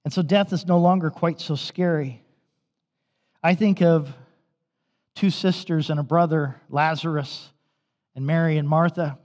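A man's voice: a little high, steady tone, unhurried, pauses often, darkish tone. A male pastor preaching a sermon in a church, telling stories in a conversational way. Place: church sanctuary. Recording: dull recording with long hall reverb.

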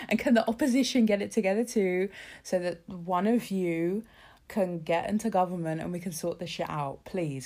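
A woman's voice: lowish voice, warm tone. A woman ranting casually about politics, sarcastic and exasperated, swearing freely and filling with asides. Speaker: vlogger.

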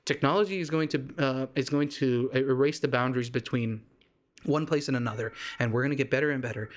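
A man from Kansas hosting a casual solo podcast, rambling and fast with restarts and self-deprecating jokes. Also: mid-range voice. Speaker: podcast host.

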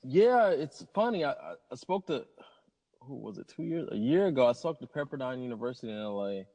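A man's voice: mid-range voice, sing-song, fairly quick, dark tone. A man, a pilot telling stories in a casual interview in an upbeat, rambling way. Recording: long hall reverb.

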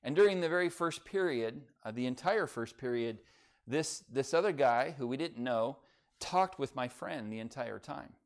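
A man's voice: mid-range voice, expressive, normal speed. A middle-aged man, a pastor giving a sermon in a church in a conversational, folksy way, telling a humorous family story.

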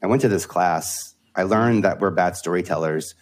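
A man's voice: deep voice, normal speed. A man in his forties, a podcast guest talking candidly and laughing often, restarting phrases as he goes. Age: 40s. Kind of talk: casual conversation.

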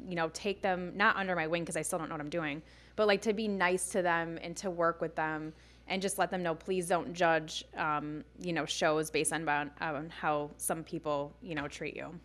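A young woman talks in a slightly low voice, chatty and animated. She fills her stories with "like" and acts out what other people said. It sounds like a relaxed conversation between guests. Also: normal speed. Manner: chatty, animated, heavy on "like" and quoted dialogue. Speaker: guest, bikini fitness competitor. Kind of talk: casual storytelling chat.

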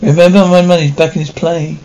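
A man's voice: fairly high pitch, steady tone, brisk, dark tone, natural voice, rough recording. A man playing a blunt, slangy male backer of a stage play in a 1950s television drama. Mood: brash. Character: brash male money man, pushy and blunt. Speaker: theater backer. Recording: faint hiss of an old TV soundtrack.

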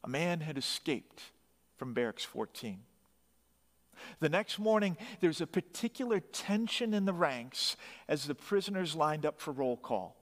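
A man tells a grim story slowly and dramatically, pressing hard on the key phrases. His voice sits a little high, and a long reverb trails behind every word. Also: big pitch swings.

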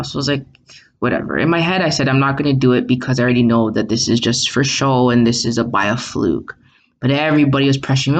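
A woman's voice: rumbling low, quick pace, a little hiss or hum. A woman telling a candid story in casual conversation, acting out the quotes as she goes. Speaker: mother and podcast co-host.

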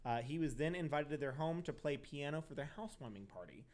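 A man's voice: a little high, animated, a little mellow. Rambling young man telling crime stories. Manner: rambling, profane, quick asides and self-corrections. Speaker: podcast host. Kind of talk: casual true crime storytelling.

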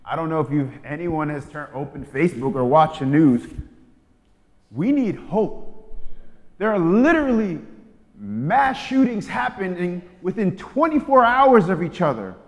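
A man's voice: a little high, animated, unhurried. Man preaching in an echoing hall. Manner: swings between loud emphatic preaching and soft hushed asides; casual, slangy preaching style. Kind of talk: sermon. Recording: long hall reverb.

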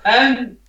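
A man's voice: sits high, very noisy. A man in a casual podcast chat, asking long rambling questions. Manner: chatty, asks rambling questions. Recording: roomy, far from the mic.

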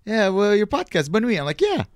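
Guy cohosting a podcast, slightly high voice, teasing, quick reactions. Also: huge pitch swings, no room sound. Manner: teasing, short reactive interjections. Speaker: podcast co-host. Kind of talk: casual podcast chat.

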